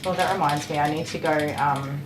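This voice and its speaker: An Australian woman groomer talks casually while she works, dropping into soft, coaxing tones to settle a nervous dog. Her voice sits a little low. The room is echoey, and a steady noise runs underneath. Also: a little fast. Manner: soothing a restless dog between chatty stories, soft and coaxing. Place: grooming salon.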